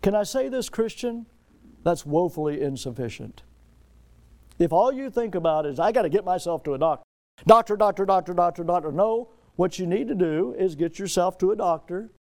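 Male pastor, middle-aged, raised but warm voice, dramatic sermon delivery full of rhetorical questions. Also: fairly high pitch. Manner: dramatic preaching, rhetorical questions, repeated phrases.

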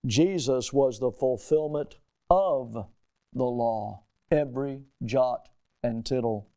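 A man preaching a sermon in an emphatic style, firing rhetorical questions at the congregation with sudden jumps in pitch and loudness. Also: slow. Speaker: pastor.

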